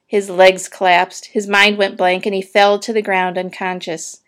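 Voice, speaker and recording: Woman, storybook read-aloud, steady narration, middle pitch, small slips. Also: unhurried. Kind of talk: reading a children's book aloud.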